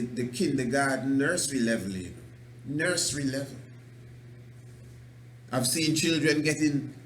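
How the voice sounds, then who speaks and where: A man from Antigua with an Antiguan accent, hosting a radio talk show in an emphatic, preachy monologue that restarts words and breaks into chuckles. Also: mid-range voice. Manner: loose, repeats and restarts words. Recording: roomy echo, faint background noise.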